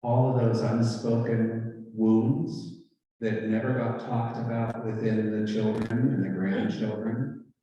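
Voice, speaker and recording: A man's voice: on the low side, little pitch movement, slow, dark tone, muffled recording. A male pastor telling a story in a conversational way, acting out the dialogue. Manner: conversational retelling with quoted dialogue. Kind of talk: storytelling talk. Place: church hall. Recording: echoey hall, mic far off.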